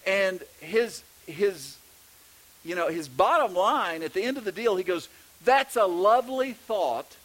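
Middle-aged Texan pastor, higher-pitched voice, easygoing preaching, often restarts sentences. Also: male voice, lively intonation, unhurried, a bit bright, rough recording. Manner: conversational preaching with frequent restarts. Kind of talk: sermon.

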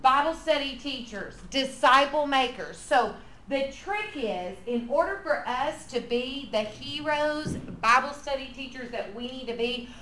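A woman's voice: high voice, sharp tone, roomy sound, a little hiss or hum. A woman leading an upbeat training workshop for church nursery teachers, coaching and encouraging the group. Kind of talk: energetic training workshop for volunteers. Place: church classroom.

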